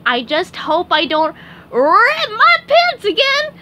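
A woman voicing a cheerful, goofy male sea sponge in a storybook reading, excitable and over the top. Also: very high voice, takes it slowly, a little hiss or hum, voice pushed up, heavily acted. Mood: joking excited.

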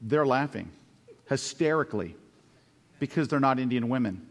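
A man's voice: mid-range voice, animated, moderate pace, long reverb tail. A man teaching photography by telling a story, acting out his own thoughts with self-mocking humor. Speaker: photography instructor. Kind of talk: storytelling lesson over photo slides.

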